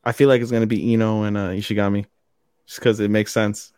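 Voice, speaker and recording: A man co-hosting a podcast in casual chat, excitable, swearing freely and filling with ums. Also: fairly low pitch, fast talker, clean tone, no room sound, studio quality. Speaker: podcast co-host.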